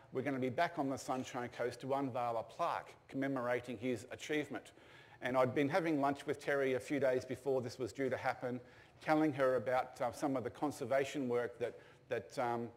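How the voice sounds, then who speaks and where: Older man telling a story. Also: mid-range voice. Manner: casual anecdotal storytelling with fillers. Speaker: speaker telling stories. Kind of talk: storytelling talk.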